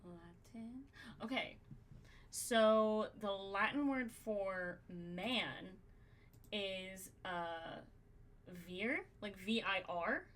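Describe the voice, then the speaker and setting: A woman's voice: mid-range voice, very slow, a bit bright, slight background noise. A woman hosting a podcast, brainstorming in casual chat, swearing freely and thinking aloud with lots of fillers. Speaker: podcast host.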